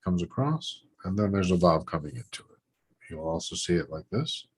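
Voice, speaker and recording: On a rough recording, a low-pitched, slightly rough male voice speaks at normal speed in an animated manner. He's giving a laid-back lesson on forming letters, narrating each stroke in brief, trailing phrases as he draws.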